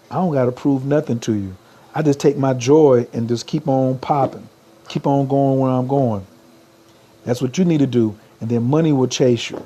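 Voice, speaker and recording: A man's voice: mid-range voice, warm tone. A man, giving a motivational livestream talk as a spiritual coach, repeating slogans and urging viewers to type them.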